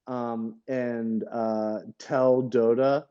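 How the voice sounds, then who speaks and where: Mellow-voiced man, halting podcast chat. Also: mid-range voice, flat delivery, clear, resonant tone. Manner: rambling, hesitant, full of fillers and restarts. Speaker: podcast co-host. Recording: dull lo-fi audio.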